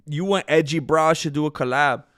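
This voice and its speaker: A man's voice: on the high side, normal speed, a bit bright, dry recording, studio quality. A man hosting his channel, chatting casually and rambling with lots of fillers and restarts, hiccuping and burping as he talks. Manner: rambling, self-deprecating, many fillers and restarts. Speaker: channel host. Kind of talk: casual livestream chat.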